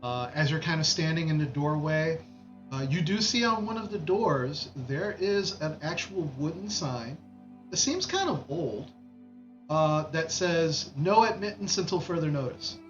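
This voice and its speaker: A man with a fairly high voice narrating a tabletop game as game master, rambling and restarting his sentences. His mic sounds slightly muffled, with faint music underneath. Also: expressive, a little slow, a bit bright. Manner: rambling, frequent fillers and restarts.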